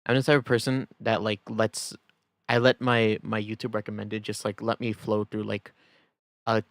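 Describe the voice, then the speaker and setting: A man's voice: on the low side, flat delivery, moderate pace, no room sound. A man streaming a game, chatting casually and rambling with many fillers. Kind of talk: casual gaming stream chat.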